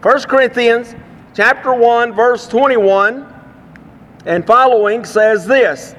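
A man from Texas with a Texan accent, preaching a sermon with folksy stories and slowing down to read scripture. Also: very high voice, fairly bright tone, long reverb tail.

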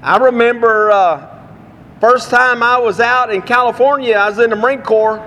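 A man from Texas with a Texan accent, preaching a sermon with folksy stories and slowing down to read scripture. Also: very high voice, pushed and bright, big-room sound.

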